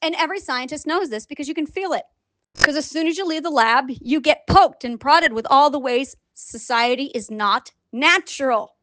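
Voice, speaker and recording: A woman with a high-pitched voice rambles through an unscripted vlog monologue, animated and a bit profane. She jumps into little acted-out voices as she tells her stories. The sound is close and dry, with no room around it. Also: no room sound. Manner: acts out quoted voices. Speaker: scientist and online writer.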